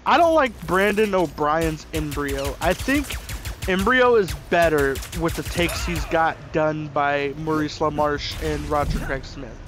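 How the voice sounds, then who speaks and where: A man's voice: fairly high pitch, lively intonation, unhurried. A young man from the American South, giving rambling, opinionated commentary over gameplay, full of fillers and restarts. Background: game music.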